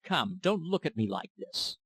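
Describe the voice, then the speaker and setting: A man voicing a young naval lieutenant who speaks in a measured, formal, soothing way. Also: on the high side, very animated, fairly bright tone, breathy edge, pitched above the performer's own voice, exaggerated voice. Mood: firm.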